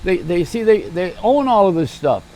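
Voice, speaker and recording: A man's voice: sits high, very animated, normal speed, a little mellow, a little hiss or hum. An older man hosting a rambling, self-mocking comedy monologue, chuckling at his own jokes. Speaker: host.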